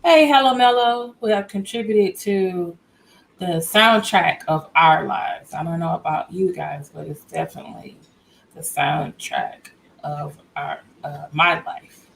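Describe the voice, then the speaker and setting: A woman's voice: fairly low pitch, unhurried, vocal fry, a little hiss or hum, poor audio. A woman hosting a casual livestream from home, chatty and greeting viewers by name as they join. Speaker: livestream host.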